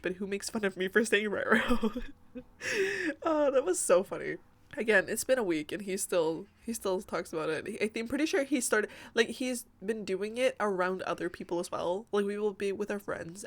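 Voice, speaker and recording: Young woman, casual rambling voice-over, giggly, fillers, home mic. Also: medium pitch. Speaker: Sims builder and YouTuber. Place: home room by day.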